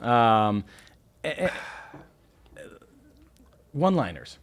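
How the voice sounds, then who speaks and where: Young male podcast co-host, lively pitch, emphatic and jokey. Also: very slow. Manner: emphatic, jokey, interjects often. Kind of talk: casual chat.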